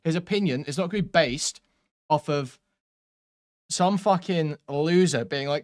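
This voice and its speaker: A man's voice: fairly high pitch, expressive, brisk. A man commenting on clips during a stream, sarcastic and mocking, swearing often.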